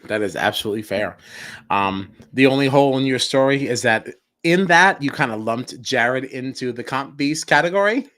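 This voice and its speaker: A man's voice: medium pitch, moderate pace, a bit bright. A man co-hosting a reality TV podcast in casual chat. He rambles through lots of fillers and likes to tease his co-hosts. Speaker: podcast co-host.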